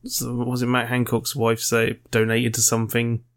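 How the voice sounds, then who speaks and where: Man, casual podcast chat, deadpan, dry jokes. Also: medium pitch, moderate pace. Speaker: podcast co-host.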